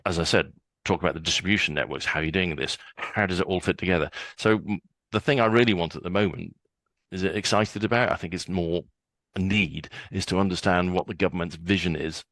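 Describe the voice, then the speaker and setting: A man's voice: deep voice, brisk, fairly bright tone, no echo. A man in his sixties, a guest on a podcast interview, chatty and often repeating words as he starts a sentence.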